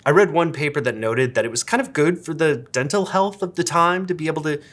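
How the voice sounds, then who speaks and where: A man's voice: fairly high pitch, fairly quick, fairly bright tone. A man hosting a casual explainer video, chatting wryly with amused asides while demonstrating a kitchen gadget. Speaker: video essay host. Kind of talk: casual explainer with cooking demo.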